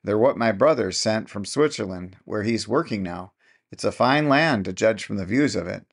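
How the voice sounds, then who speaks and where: A man voicing a gruff, impatient older farmer who grumbles in blunt rustic speech. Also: on the low side, lively intonation, moderate pace. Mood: grumbling.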